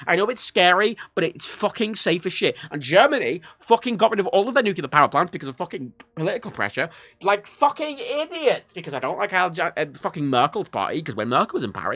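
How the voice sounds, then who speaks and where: Bright, lively young man ranting. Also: sits high, no room sound. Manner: profane, ranting, opinionated. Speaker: livestreamer. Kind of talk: casual gameplay stream commentary.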